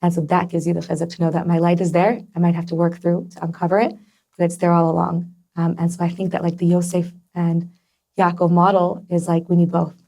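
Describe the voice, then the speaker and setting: Soft-spoken earnest woman, mellow voice. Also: lowish voice, monotone, a little fast, vocal fry. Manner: earnest, heartfelt, many fillers. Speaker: guest. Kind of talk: personal conversation.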